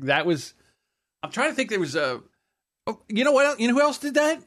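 A man's voice: sits high, very animated, moderate pace, fairly bright tone. A man co-hosting a podcast in casual banter, blunt and swearing freely. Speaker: podcast co-host.

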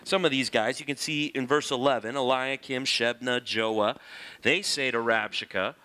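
A man teaching through a Bible passage in a lively, conversational way, reading scripture aloud and explaining it. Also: medium pitch, normal speed.

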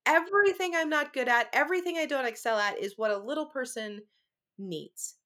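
Bright, high-voiced woman ranting frankly. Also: a little fast. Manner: animated, ranting, frank with swearing. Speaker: podcast guest. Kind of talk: casual conversational chat.

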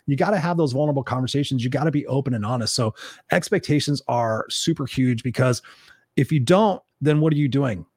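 A man's voice: medium pitch, fairly quick, a little mellow, breathy edge, dry recording, studio quality. A middle-aged man hosting a livestream, talking earnestly and emphatically about relationships and reading out viewer comments. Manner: earnest, emphatic, quotes others in a raised voice. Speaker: livestream host. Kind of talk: motivational livestream talk.

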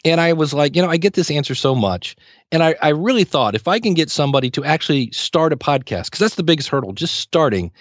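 A middle-aged man, a podcasting teacher, chatting as an interview guest and telling lively anecdotes with acted-out quotes. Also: a little high, quick pace, no room sound. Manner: chatty storyteller, acts out quoted exchanges. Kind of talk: casual interview talk.

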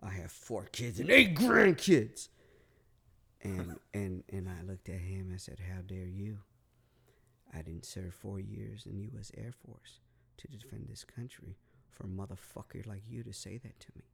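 A man's voice: low voice, flat delivery, moderate pace, creaky, warm tone, slightly rough. A man telling a long story in casual podcast chat, rambling, repeating words, swearing and using lots of fillers. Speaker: podcast guest.

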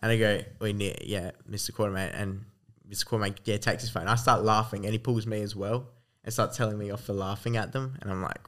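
Laid-back teenage guest. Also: male voice, on the low side, steady tone, fast talker, few pauses, fairly bright tone. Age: teens. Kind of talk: casual chat.

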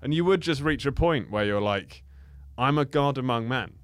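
A man's voice: medium pitch, expressive, dry recording. Jokey man, dry close sound. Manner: rambling, jokey, quick asides. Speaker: comedian guest. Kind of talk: casual podcast chat.

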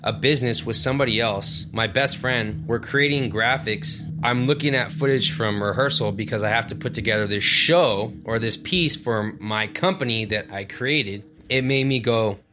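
A man of thirty telling a story in a casual, animated way, acting out the voices of the people he quotes. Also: mid-range voice, normal speed, hardly any pauses, noisy background.

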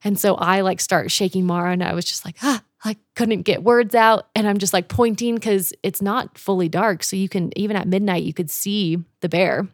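A young woman telling a camping story in casual chat, animated, laughing often and swearing freely. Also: medium pitch, moderate pace, hardly any pauses, dry recording, clean studio sound.

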